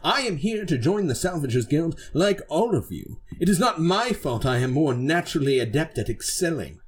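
A man's voice: fairly high pitch, very animated, normal speed, pitched above the performer's own voice. A man voicing a boastful, pompous male knight in a tabletop game, speaking in a haughty, formal way.

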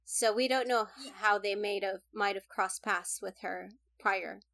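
A woman's voice: mid-range voice, a little slow, gravelly, pushed and bright. A woman co-hosting a casual podcast, giving opinionated takes and often restarting her words. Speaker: podcast co-host. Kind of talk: casual chat about an anime.

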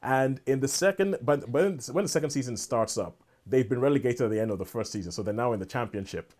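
A man's voice: mid-range voice, quick pace, a little mellow. Rambling man on a podcast. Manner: rambling, with many restarts and asides. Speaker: podcast co-host. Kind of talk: casual chat.

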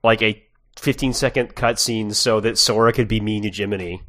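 A man's voice: lowish voice, steady tone, moderate pace, a bit bright. A man co-hosting a podcast in casual, laid-back, wry chat. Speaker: podcast co-host.

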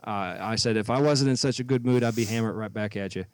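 In a dry recording, a male podcast co-host with a lowish voice talks fast as he tells a story in casual conversation. He acts out both sides of an argument.

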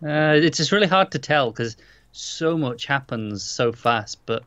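A man's voice: fairly high pitch, lively intonation, measured pace, fairly bright tone. Easygoing man on a dull lo-fi mic. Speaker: podcast co-host. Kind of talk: casual review chat.

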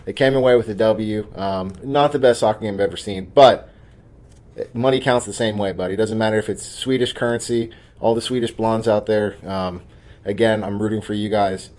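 A man's voice: fairly low pitch, steady tone, a little fast, a little mellow. Brash, joking male podcast host. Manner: brash, joking, hypes his own picks. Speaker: sports betting podcast host. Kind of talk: casual podcast chat. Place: studio office.

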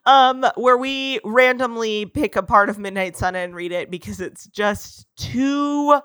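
A woman's voice: a little high, measured pace, fairly bright tone, clear, resonant tone, no echo. A woman co-hosting a comedy podcast in a playful, giggly way. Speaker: podcast co-host. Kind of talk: comedic banter.

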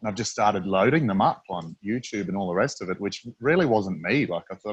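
Husky, low-voiced Australian man. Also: lively intonation, brisk, dry recording, lo-fi sound. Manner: rambling storyteller, many fillers and restarts. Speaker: freediving instructor and interview guest. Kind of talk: casual interview chat.

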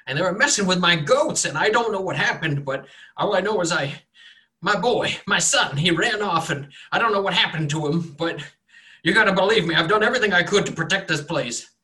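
A man's voice: high-pitched, lively intonation, brisk, bright, forceful tone, far from the mic, voice pushed up. A man voicing a distraught old male farmer who stammers and begs to be believed. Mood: pleading. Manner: frantic, stammering, begging.

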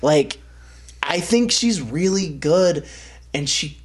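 A man with a fairly high voice on a podcast, speaking in a laid-back and slangy way. It is relaxed talk among friends. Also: takes it slowly, slightly rough. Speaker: podcast co-host. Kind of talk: casual chat.

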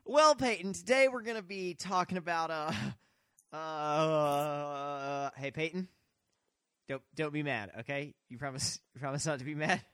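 A man's voice: fairly high pitch, fairly even intonation, measured pace, a bit bright, smooth, dry recording, clean studio sound. A man co-hosting a casual podcast chat, goofy and playful, often laughing as he talks. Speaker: podcast co-host.

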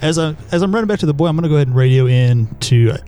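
A man's voice: a little high, animated, very fast, warm tone. A man playing a tabletop role-playing game, talking casually and hesitantly. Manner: hesitant, lots of fillers. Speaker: player.

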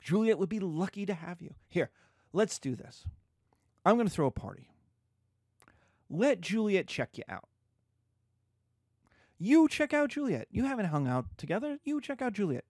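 A fussy, fretful old father as a male lecturer puts him on, pitched up above the speaker's usual voice and bouncing all over the place. He hedges, fusses and bends over backwards to please. The sound is close and dry. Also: very animated, normal speed, pauses often, a little mellow, dry recording, exaggerated voice. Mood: eager. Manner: hesitant, fussy, eager to please. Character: indulgent, wavering old father, later blustering.

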